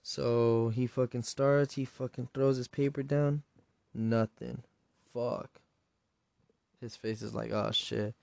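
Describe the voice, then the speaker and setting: A man's voice: mid-range voice, steady tone, takes it slowly, creaky, pauses often, darkish tone, no echo. A man hosting a solo podcast, casually retelling and reviewing a show episode in a rambling, profane way. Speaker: podcast host.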